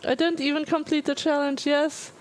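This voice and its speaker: Her voice high but flat, at normal speed, a woman streamer makes casual talk on a live stream despite a mouth in pain from spicy food. The burning ache slurs her speech, and the audio quality is poor.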